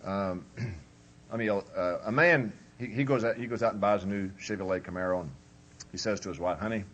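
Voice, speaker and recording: A man's voice: lowish voice, normal speed, fairly bright tone, muffled recording. A man giving a humorous, conversational marriage workshop as a preacher, acting out husband and wife as he talks. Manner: humorous, conversational, acts out both spouses. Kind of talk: folksy workshop lecture.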